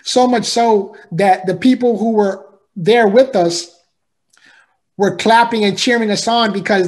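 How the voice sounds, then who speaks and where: A man's voice: high voice, moderate pace, darkish tone. Earnest man telling a heartfelt story. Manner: earnest, heartfelt, with frequent repetitions and "right?". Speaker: podcast guest. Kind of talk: emotional personal storytelling.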